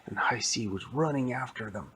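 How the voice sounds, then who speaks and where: A man spinning an improvised story in a relaxed, rambling way, with playful asides. His voice is mid-pitched with a gravelly, creaky grain. A faint hiss sits behind him. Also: moderate pace, low-quality recording.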